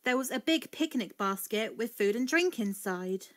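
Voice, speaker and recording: A woman narrating a children's storybook in an expressive read-aloud style. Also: fairly high pitch, normal speed.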